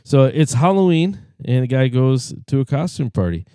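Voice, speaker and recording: A man's voice: medium pitch, lively intonation, normal speed, warm tone, smooth, dry recording, clean studio sound. A male podcast co-host in casual chat, laughing easily as he tells a joke.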